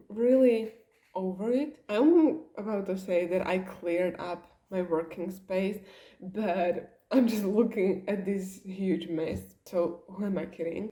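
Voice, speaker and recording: Young woman, mellow, rambling vlog chat in a roomy, echoey space. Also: mid-range voice. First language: Slovak. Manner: rambling, all over the place. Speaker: vlogger. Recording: roomy echo.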